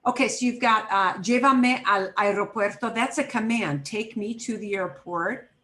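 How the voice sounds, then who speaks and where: A woman's voice: medium pitch, moderate pace, fairly bright tone, poor audio. Woman teaching patiently on a video call. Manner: patient, explains step by step with examples. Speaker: Spanish teacher. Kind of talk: online class teaching.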